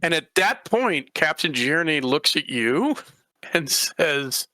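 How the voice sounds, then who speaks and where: A man's voice: fairly high pitch, very animated, takes it slowly, sharp tone, no echo. A man running a tabletop game as game master, narrating in a rambling way and voicing characters.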